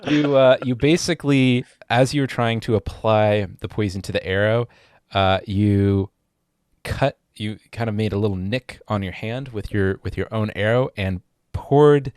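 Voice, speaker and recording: A man narrating a tabletop game as game master, in a relaxed way with frequent fillers. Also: on the low side, a little slow, clean tone, no room sound, studio quality.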